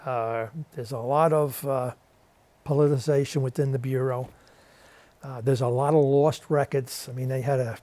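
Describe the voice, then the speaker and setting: This TV studio guest, a New York-accented man known for interviewing war veterans, recounts a story and acts out the voices of its characters. He speaks at normal speed in a steady, dark, mid-range voice, with no echo.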